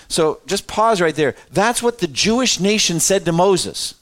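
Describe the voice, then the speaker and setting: A man leading a Bible class, reading scripture aloud with lively emphasis, then pausing to explain and put questions to the group in a conversational way. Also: high-pitched. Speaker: Bible study teacher.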